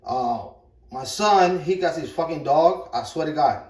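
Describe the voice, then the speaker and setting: A man's voice: on the high side, animated, measured pace, a little mellow. Middle aged guy rambling and cussing while he cooks, kinda far from the mic. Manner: rambling, profane, repeats himself. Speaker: vlogger. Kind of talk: casual storytelling while cooking. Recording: echoey room, mic far off.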